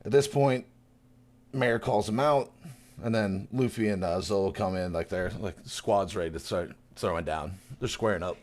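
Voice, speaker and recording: A man's voice: fairly low pitch, normal speed. A man recapping a story in a casual podcast chat, acting it out eagerly and laughing often. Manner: animated storyteller who acts out quotes, laughs often. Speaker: podcast co-host, new reader.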